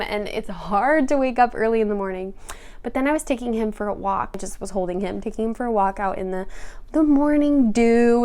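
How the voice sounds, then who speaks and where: Chatty young mom talking to camera. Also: female voice, on the high side. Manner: chatty, emotional, laughs often, many "like" fillers. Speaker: vlogger, new mother. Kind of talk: casual talk to camera.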